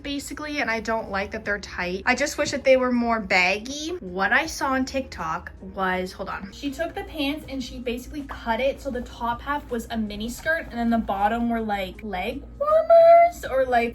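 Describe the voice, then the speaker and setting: A chatty young woman vlogging from her bedroom, her voice sitting a little high as she rambles loosely through her clothes. She swears casually and has the hiccups. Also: fairly bright tone. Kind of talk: casual chat while sorting and cutting clothes.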